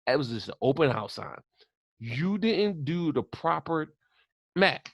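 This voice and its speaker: A man's voice: on the high side, a little slow, dry recording. A man co-hosting a podcast in casual chat, telling stories with lots of swearing and acted-out quotes. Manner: animated storyteller, swears freely, acts out quotes. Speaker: podcast co-host.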